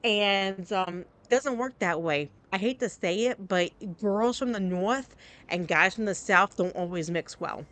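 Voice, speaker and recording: Lady streaming a game, middle pitch, just rambling away to chat, keeps restarting her sentences. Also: unhurried, fairly bright tone. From New Jersey. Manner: rambling and candid, restarts often. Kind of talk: casual live-stream chat.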